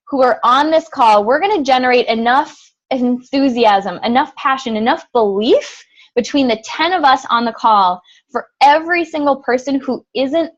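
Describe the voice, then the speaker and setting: Upbeat woman team leader, slightly high voice, rallies the group on a call with rhetorical questions. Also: highs cut off.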